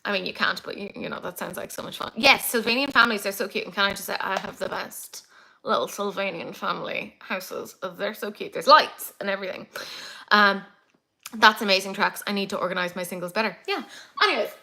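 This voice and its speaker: A young woman hosting a casual makeup livestream, chatty and excitable as she reads comments. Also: medium pitch, fairly quick, vocal fry. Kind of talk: casual live chat reading comments.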